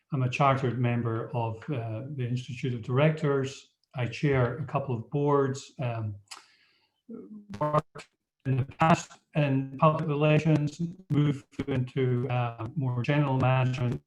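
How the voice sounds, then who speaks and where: A man from Scotland with a slight accent presents a webinar over a video call, hesitant and full of ums and restarts. His voice is medium-pitched. The audio comes through a computer mic, muffled, with a little hiss or hum.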